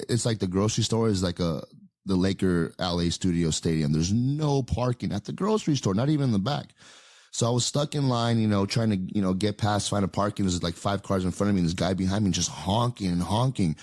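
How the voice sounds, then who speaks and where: A man's voice: low voice, a little mellow, no room sound, studio quality. A man in his thirties telling a story in casual podcast chat, rambling with many fillers and restarts. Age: 30s. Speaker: podcast co-host.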